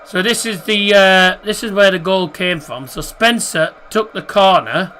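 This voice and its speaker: A man hosts a live football watchalong, talking loosely and at length to his stream viewers between calls of the play. His voice sits high and sounds bright and cutting. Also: measured pace, slight background noise. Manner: casual, rambling live chat with viewers.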